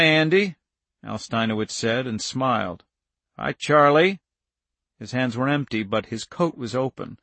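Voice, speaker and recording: A man reading a novel aloud in a measured, tense storytelling voice. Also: mid-range voice, vocal fry, fairly bright tone, dry recording. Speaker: narrator. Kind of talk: audiobook narration.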